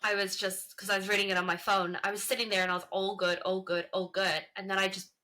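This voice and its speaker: A woman's voice: mid-range voice, level tone, quick pace, sharp tone. A woman co-hosting a book podcast, chatting casually and telling stories animatedly. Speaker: podcast co-host.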